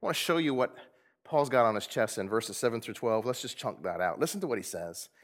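A man's voice: medium pitch, a little fast. A man preaching a conversational sermon, laughing often and asking his congregation rhetorical questions. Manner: animated, conversational, with frequent laughs. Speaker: pastor.

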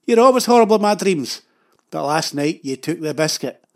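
A bossy, sharp-tongued Scottish wife, put on by a man telling the story. She scolds in short, clipped lines, her voice sitting on the higher side. The delivery stays close to an everyday speaking voice. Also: lively intonation, brisk.

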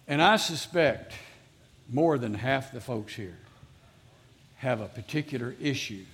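A man's voice: medium pitch, lively intonation, unhurried, long pauses, fairly bright tone, slight background noise. A man preaching a sermon as pastor to a live congregation, earnestly repeating his exhortations.

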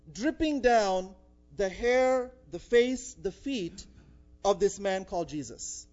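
A man's voice: extremely high pitch, lively intonation, takes it slowly, a little mellow, lo-fi sound. A man preaching a sermon in a conversational way, with frequent "uh" fillers. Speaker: pastor.

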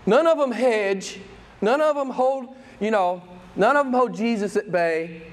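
A man preaching a sermon, emphatic and conversational, pressing the congregation with repeated rhetorical questions. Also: a little slow. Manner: emphatic, rhetorical questions, wide swings in pitch and loudness. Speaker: pastor.

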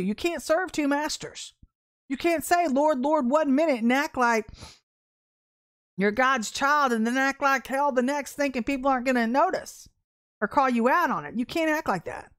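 Speaking in a high voice, this female minister preaches casually and prophetically, stressing her points with emphasis. Key phrases come back again and again, and she frequently pauses to clear her throat.

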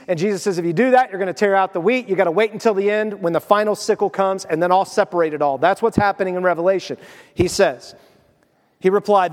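A man with a fairly high voice delivers a sermon as pastor. He tells stories with animation, slipping into the voices of the people he quotes. The sound carries a long reverb, as in a large church hall. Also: darkish tone.

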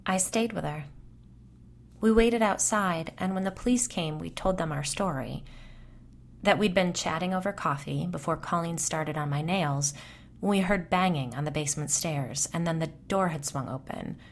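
A woman host calmly narrating a scripted ghost story. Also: fairly low pitch, normal speed, creaky.

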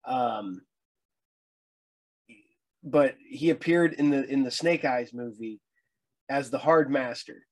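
A man's voice: mid-range voice, slow, pauses often, a little mellow. A middle-aged man hosting a casual chat, stammering and restarting as he tells stories and acts out what people said. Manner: chatty storyteller, stammers and restarts, acts out quoted voices. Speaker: host.

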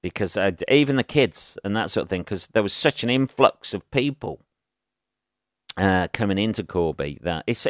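Sweary rambling podcast host. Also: male voice, low-pitched, clean tone, no room sound, clean studio sound. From England. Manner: sweary, rambling and chatty, asking rhetorical tag questions. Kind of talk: solo podcast monologue.

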